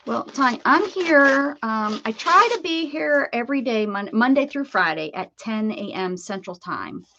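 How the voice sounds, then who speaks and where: A woman's voice: fairly high pitch, expressive, a little slow, highs cut off, background noise. A woman hosting a casual crafting livestream from home, chatty and laughing, who coos baby talk to her dog between crafting tips. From Pennsylvania, USA. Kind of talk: casual live-stream chat while crafting.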